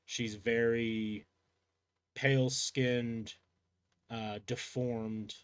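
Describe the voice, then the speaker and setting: A man's voice: medium pitch, little pitch movement, extremely slow, clear, resonant tone. Man narrating as game master. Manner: loose, rambling narration full of fillers. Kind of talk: narrating a tabletop role-playing game.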